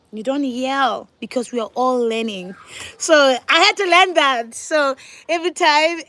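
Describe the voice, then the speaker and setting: A talkative woman in her forties speaks in a high, bright register. She chats casually to her viewers from home. She laughs easily. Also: dry recording. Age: 40s. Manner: chatty, talks to viewers, laughs often. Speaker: vlogger, mother. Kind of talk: casual sit-down chat.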